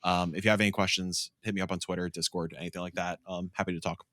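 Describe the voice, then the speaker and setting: Casting: man, very low pitch, forceful edge, relaxed, dry mic. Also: quick pace, no echo. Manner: relaxed, joking. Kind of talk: casual chat.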